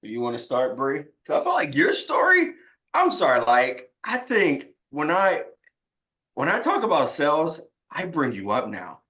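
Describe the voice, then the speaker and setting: A man co-hosting a podcast in casual chat, talking in an animated, hyped and slangy way. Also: a little high, measured pace. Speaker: podcast co-host.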